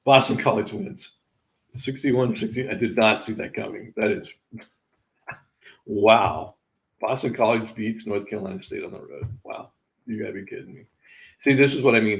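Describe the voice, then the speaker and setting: This man speaks low with vocal fry, and the recording is rough. Hosting a live sports betting show, he breezes through the results with dry side comments, chuckling whenever one of his own picks missed.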